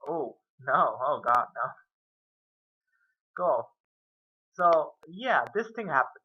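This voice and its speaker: A man's voice: fairly high pitch, very animated, slow, breathy edge, muffled recording. A man giving a casual whiteboard math lesson, rambling and muttering self-mocking asides as he works through the steps. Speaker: math tutor.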